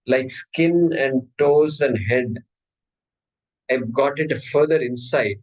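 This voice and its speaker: Guy giving a spiritual talk, keeps firing questions at the class, pretty animated. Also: medium pitch, low-quality recording. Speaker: spiritual teacher. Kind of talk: Vedanta discourse.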